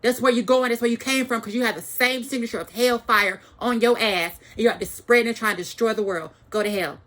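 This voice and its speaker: A woman's voice: fairly high pitch, fast, fairly bright tone. A woman giving an angry, profane ranting monologue to the camera, repeating phrases for emphasis.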